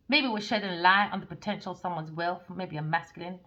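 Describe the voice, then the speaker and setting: A woman, a tarot reader telling personal stories in a casual, slangy, emphatic way. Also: fast. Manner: emphatic, slangy, swings between loud bursts and low murmurs. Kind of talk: casual storytelling monologue. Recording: slightly dull lo-fi audio.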